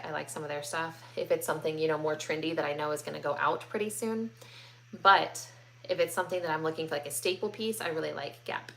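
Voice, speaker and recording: A woman in her thirties chats casually through a live question-and-answer stream from home, full of ums and likes. Her voice sits a little low. A faint background hiss runs underneath. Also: fairly bright tone. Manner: chatty, many ums and likes, reads comments aloud. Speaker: host answering viewer questions.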